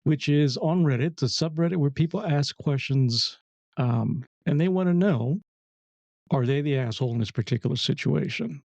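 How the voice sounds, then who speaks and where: Steady male podcast co-host. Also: fairly high pitch, moderate pace, creaky, no room sound, dull audio. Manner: steady, explanatory. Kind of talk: casual chat.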